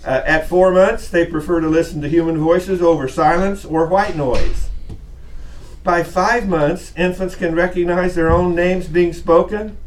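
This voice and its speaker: Chatty male lecturer, slightly high voice. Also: steady tone, a little slow, far from the mic. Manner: chatty, acts out voices while teaching. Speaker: college lecturer. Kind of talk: classroom lecture. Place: classroom.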